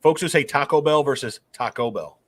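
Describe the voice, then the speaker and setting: A man's voice: mid-range voice, brisk, no echo. A man co-hosting a casual podcast, chiming in with jokes and comparisons. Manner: jokey, chimes in with comparisons. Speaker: podcast co-host.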